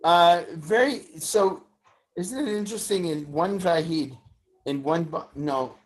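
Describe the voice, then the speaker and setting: Slow, halting study class teacher. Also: mid-range voice. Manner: halting, many fillers and restarts. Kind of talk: slow, thoughtful lecture. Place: study session streamed on video call.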